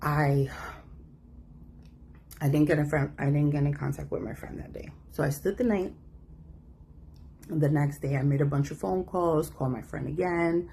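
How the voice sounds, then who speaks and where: A woman telling a personal story in a casual, animated way, acting out the voices of the people in it. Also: sits low, moderate pace, pauses often, a little hiss or hum. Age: adult. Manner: animated, acts out quoted voices.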